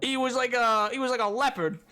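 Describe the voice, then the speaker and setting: A man's voice: extremely high pitch, brisk, sharp tone, smooth, soft background music. Playful male streamer, loose rambling banter with chat. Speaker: game streamer. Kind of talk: casual livestream chat.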